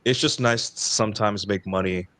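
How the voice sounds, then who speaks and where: A man hosting a casual podcast chat, blunt and profane, mimicking others in high mocking voices. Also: steady tone, normal speed, sharp tone, no echo. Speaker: podcast host.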